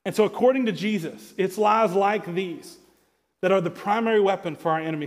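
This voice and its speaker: A man in his thirties preaching a sermon as pastor, speaking conversationally and dropping to a quiet intensity for emphasis. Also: high-pitched, a little fast.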